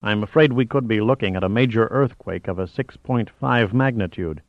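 A man's voice: lowish voice, moderate pace, no room sound, lo-fi sound, lightly acted. A man voicing a gloomy, hesitant male seismologist who sounds worried. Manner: dismal, hesitant.

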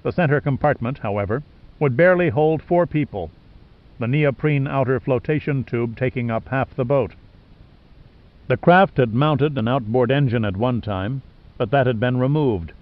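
A man reading an audiobook in steady scripted narration. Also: medium pitch, normal speed, narrow, tinny audio.

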